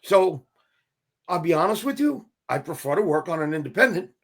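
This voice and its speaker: A middle-aged male actor tells stories in a relaxed interview, full of energy. His voice sits a little high for a man, and he slips into the voices of the people he quotes. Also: a little fast. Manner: animated, acts out quoted voices, swears casually. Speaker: actor guest. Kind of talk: casual interview storytelling.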